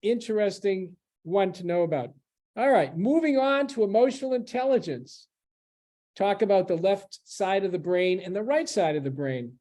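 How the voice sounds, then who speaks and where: A man gives a public lecture as a library's guest speaker, talking to the audience in a conversational, explanatory way. His voice is mellow and warm. He often pauses and restarts a thought midway. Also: high voice, expressive.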